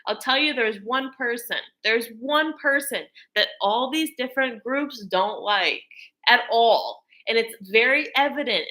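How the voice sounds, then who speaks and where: A woman's voice: a little high, pushed and bright. A woman vlogger talking in an intense, rambling, profane monologue full of fervent religious talk. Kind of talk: emotional spiritual monologue.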